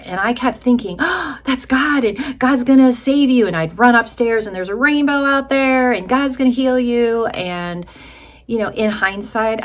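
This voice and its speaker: A middle-aged woman, a widowhood coach, telling a personal story in a tender, emotional way that often drops to a hushed near-whisper. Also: low voice.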